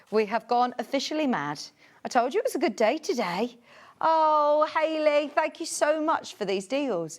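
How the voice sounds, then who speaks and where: A woman presenting fabric on a live shopping channel, chatty and gushing with delight. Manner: chatty and gushing, swoops high with excitement. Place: TV studio.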